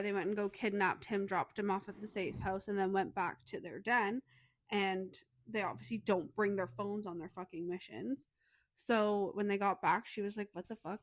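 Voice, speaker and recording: A woman co-hosting a casual book podcast, retelling a story's scenes with lots of swearing and quick acted-out dialogue. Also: mid-range voice, dry recording. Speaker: podcast co-host. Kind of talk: casual book review chat.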